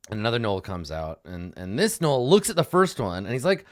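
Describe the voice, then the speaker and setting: A man narrating as game master in a tabletop game, talking in a relaxed, halting way with many fillers. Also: on the low side.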